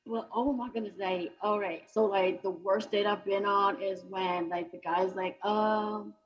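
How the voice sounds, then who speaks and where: A woman's voice: medium pitch, steady tone, moderate pace, dull audio. A woman doing a brash, chatty stand-up comedy set over a video call. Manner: brash, chatty, punchy delivery.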